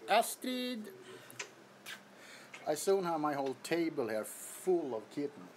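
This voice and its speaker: Giggly Swedish-accented man, high voice. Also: sing-song, slow pace, a little hiss or hum. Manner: giggly, amused, introducing kittens. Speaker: livestream host. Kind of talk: casual livestream chat. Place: indoors, apartment.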